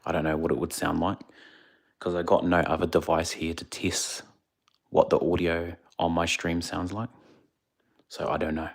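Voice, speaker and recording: Hushed, deep, gravelly man. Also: flat delivery, normal speed, long pauses. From India. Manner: speaking quietly, hushed. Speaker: streamer. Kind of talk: casual livestream chat. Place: indoors away from home, others asleep. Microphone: phone.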